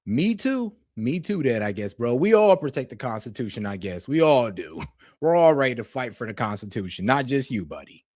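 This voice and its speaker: A man's voice: mid-range voice, sing-song, normal speed, darkish tone, no echo, clean studio sound. A man hosting a reaction video, talking in a slangy, conversational way and reasoning through his point aloud. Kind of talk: casual reaction commentary.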